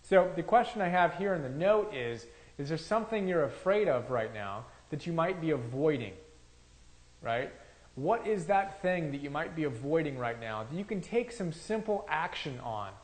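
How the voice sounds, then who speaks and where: A man's voice: a little high, very animated, normal speed, rough recording. A man giving an enthusiastic, conversational review of a motivational book, often checking in with "right?".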